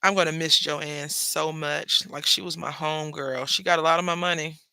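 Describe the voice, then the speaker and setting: A man's voice: on the high side, fairly even intonation, moderate pace, bright, forceful tone, smooth, dry recording. A man hosting a crafting video, chatting playfully to viewers and telling gossipy stories while he works at his table. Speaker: craft channel host. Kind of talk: casual crafting chat.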